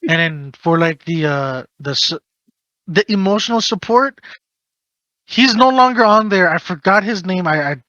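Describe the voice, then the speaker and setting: Man, podcast host, animated rant, swearing, higher pitch, bright tone. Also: moderate pace, dry recording, muffled recording. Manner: animated ranting, swearing, mocking impressions. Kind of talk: casual podcast chat.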